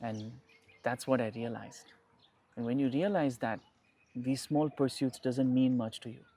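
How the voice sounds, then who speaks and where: A man's voice: medium pitch, measured pace, dark tone. Reflective young man musing aloud. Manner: reflective, restarts and repeats phrases. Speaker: podcast guest. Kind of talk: casual conversation.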